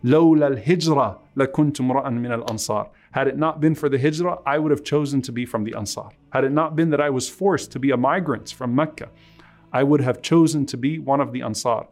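A man giving a sermon, retelling a story with quoted speech, reciting lines of Arabic quickly and then translating them slowly and with emphasis. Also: a little mellow. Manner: retells a story with quoted speech, rising in pitch at emotional peaks. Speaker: preacher.

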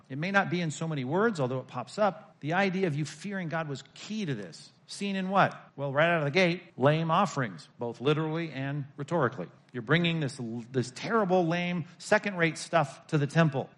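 Lively man teaching a Bible survey. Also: on the high side. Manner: lively, rhetorical questions, wry asides to the class. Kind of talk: classroom Bible lecture.

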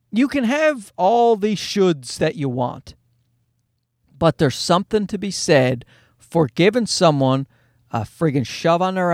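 A man in his thirties tells a stand-up story with a lively, swooping delivery and a fairly high voice. He is animated and profane, and he jumps into high-pitched voices whenever he quotes someone. The sound is dry and close. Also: no echo. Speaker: stand-up comedian.

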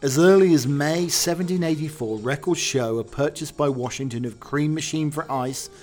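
A man's voice: on the high side, moderate pace, darkish tone, faint music behind. A man hosting a podcast, riffing jokingly with lots of fillers and restarts. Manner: rambling, jokey, filler-heavy. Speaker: podcast host. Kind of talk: casual solo commentary.

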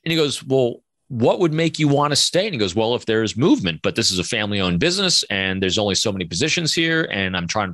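A man in his fifties, a podcast guest, telling animated stories and acting out quoted dialogue. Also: medium pitch, no echo, studio quality. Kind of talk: conversational storytelling interview.

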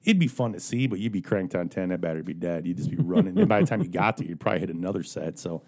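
A low, gravelly man talks fast and telling a rambling, profane fishing story. His voice sits dark and heavy. He acts out the other anglers' lines as he goes. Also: animated. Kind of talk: casual chat.

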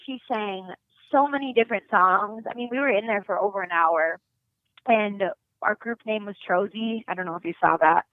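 A woman's voice: mid-range voice, moderate pace. A young woman from North Dakota, a singer, telling a story in a casual interview with lots of laughter and gushing enthusiasm. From North Dakota, USA. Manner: animated, giggly, gushing. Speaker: singer, podcast guest. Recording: dry phone-line audio.

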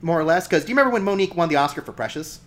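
A man hosts a casual film podcast, his pitch swinging up and down in a lively way. He talks in a loose, chatty manner and laughs easily between points. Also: rapid-fire. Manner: chatty, laughs often, restarts. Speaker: podcast host.

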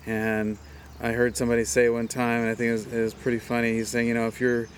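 A man's voice: medium pitch, completely flat delivery, fast, slight background noise. A man from Hawaii, a pastor and speaker, telling stories in a casual interview, chatty and laughing often. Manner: chatty, with frequent laughs and "you know" fillers.

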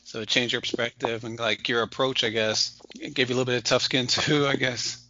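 Male host, gravelly edge, bright tone, dry lo-fi mic. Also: medium pitch, fairly quick, no room sound. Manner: brief affirmations, relaxed questions. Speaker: podcast interviewer. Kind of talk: interview questions and backchannel. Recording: dry, dull lo-fi audio.

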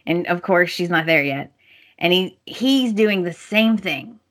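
A woman's voice: on the low side, lively intonation, measured pace, a bit bright. A woman co-hosting a podcast, chatting casually as she recaps soap opera episodes and acts out the characters' lines. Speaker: podcast co-host.

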